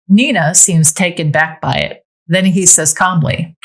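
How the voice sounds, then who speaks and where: Low-voiced woman narrating a game story. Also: moderate pace. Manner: descriptive read-aloud narration.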